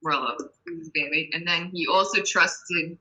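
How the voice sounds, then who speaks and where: A woman, a singer guest on a podcast, speaks hesitantly and fills her sentences with "like". Her voice is very bright and clear, pitched somewhat low for a woman. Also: fairly even intonation, moderate pace, poor audio. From United States. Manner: hesitant, heavy use of "like". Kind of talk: casual interview.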